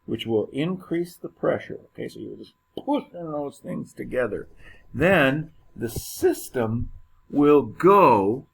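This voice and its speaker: A man's voice: medium pitch, lively intonation, slow pace, creaky, breathy edge. A man teaching a chemistry lecture in a casual, joking way, with many fillers and restarts. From United States. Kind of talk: classroom lecture.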